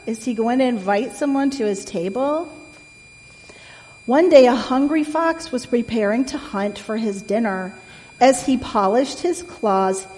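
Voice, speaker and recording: A woman reading a picture book aloud in a gentle way, asking the listener questions, recorded in an echoey room with a faint hum. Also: a little high. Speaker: storyteller.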